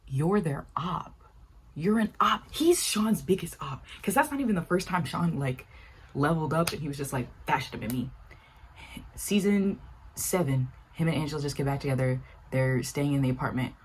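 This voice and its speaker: A young woman giving casual commentary on a sitcom, animated and exasperated, acting out quotes with big jumps in pitch. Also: normal speed, a little hiss or hum. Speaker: video essay creator.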